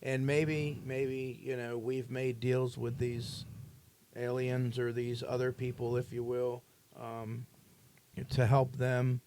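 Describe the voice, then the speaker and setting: A man's voice: medium pitch, level tone, slow, darkish tone, slight background noise. A man co-hosting a podcast, musing and hedging as he thinks aloud in casual chat. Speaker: podcast co-host.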